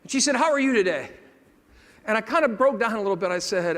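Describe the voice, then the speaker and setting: High-pitched man telling stories in a hall. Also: lively intonation, fast. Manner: dramatic shifts between hushed and loud, acting out dialogue. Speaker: motivational speaker. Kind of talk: motivational keynote storytelling. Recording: long hall reverb.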